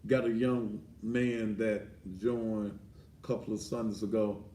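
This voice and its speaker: A man's voice: on the low side, flat delivery, a little slow, mellow, slight background noise. A middle-aged man, a pastor giving a blunt, fiery sermon-style address with profanity. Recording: roomy echo, distant from the mic.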